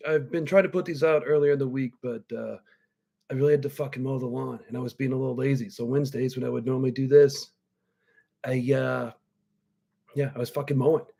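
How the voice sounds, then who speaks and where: A man's voice: mid-range voice, steady tone, fairly quick, gravelly, warm tone. A man in his forties hosting a podcast live, telling stories in a loose, profane, rambling way while sipping a drink. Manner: drinking a cocktail while talking. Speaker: podcast host. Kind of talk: casual live-stream chat.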